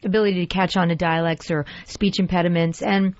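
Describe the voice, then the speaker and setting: A woman voice actress as an animated, chatty guest in a radio interview, in a slightly dull, dry studio recording. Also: on the low side, a little fast, dry recording. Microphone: studio microphone.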